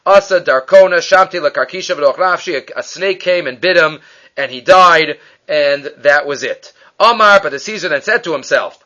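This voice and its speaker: A man teaching a Talmud lesson, reading Aramaic lines aloud and translating them into English with animated storytelling. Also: a little high, normal speed. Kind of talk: daily page study lesson. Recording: dull lo-fi recording.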